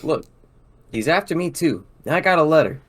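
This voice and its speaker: A man reading a young fisherman's defensive lines in a flat, offhand way. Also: on the high side, normal speed.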